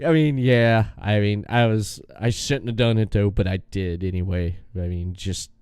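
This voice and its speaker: A man's voice: fairly low pitch, moderate pace, a little mellow, smooth, no room sound, studio quality. A man hosting a podcast, telling a rambling story in casual chat, acting out his own outbursts and laughing often. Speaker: podcast host.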